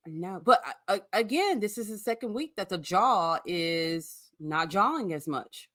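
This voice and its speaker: A woman talks bluntly in casual chat, her pitch swinging widely as she reacts, and she swears freely. The sound is close and dry. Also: expressive, unhurried, fairly bright tone, no room sound. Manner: blunt, swears, laughs often. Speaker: podcast co-host.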